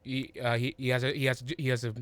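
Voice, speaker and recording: A man's voice: mid-range voice, level tone, fast, a bit bright, smooth. A man narrating a tabletop game as game master, hesitant, with lots of ums and restarts.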